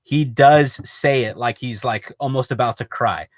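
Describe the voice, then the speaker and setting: A man's voice: medium pitch, moderate pace, no room sound, clean studio sound. A man on a podcast arguing casually and skeptically about a horror film scene. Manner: skeptical, argumentative, swears casually. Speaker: podcast co-host.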